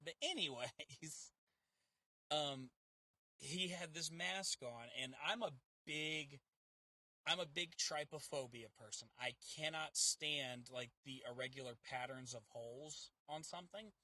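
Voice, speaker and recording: Southern guy telling stories, acts out the quotes, super bright tone, dead dry sound. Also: fairly high pitch, measured pace, no room sound. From Southern United States. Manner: animated storytelling, acting out quotes. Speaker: haunt reviewer co-host. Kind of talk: casual chat.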